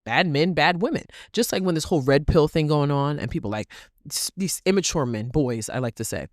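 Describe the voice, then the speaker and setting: A woman's voice: low voice, animated, moderate pace, no room sound, studio quality. A woman hosting a solo podcast, talking animatedly, asking rhetorical questions and repeating phrases for emphasis. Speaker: podcast host.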